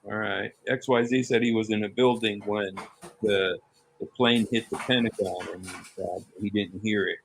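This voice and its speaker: A man's voice: fairly low pitch, fairly even intonation, normal speed, slight background noise. A man guest in a casual talk who reads passages aloud and keeps exclaiming "wow". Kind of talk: casual conversation.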